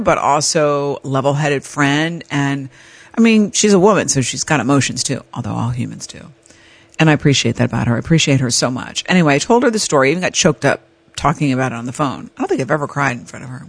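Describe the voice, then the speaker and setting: Animated woman podcast host. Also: low-pitched, no room sound. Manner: candid, animated storytelling. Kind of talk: advice podcast monologue.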